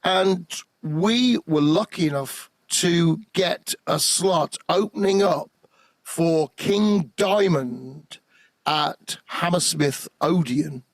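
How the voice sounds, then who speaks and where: A man, a guest musician, telling lively anecdotes in an animated way on a podcast. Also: a little high, slow pace, no room sound. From England. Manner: lively anecdotal, acts out quotes. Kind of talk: animated storytelling.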